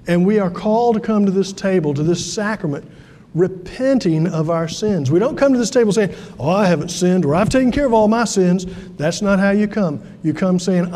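Pastor guy preaching, kinda high mellow voice, lots of hall echo. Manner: earnest preaching with repeated restarts and a wry aside. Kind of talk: sermon. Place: church sanctuary.

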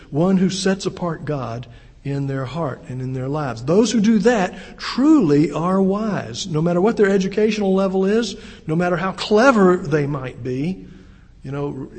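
A man's voice: fairly high pitch, darkish tone, husky. A man preaching a sermon in an earnest way, often repeating words as he goes. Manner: earnest, repeats words, acts out quoted voices. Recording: long reverb.

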